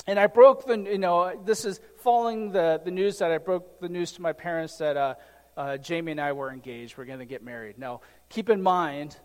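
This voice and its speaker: A middle-aged male pastor preaching a conversational sermon with joking asides to the congregation. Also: high voice. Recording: long reverb of a large hall.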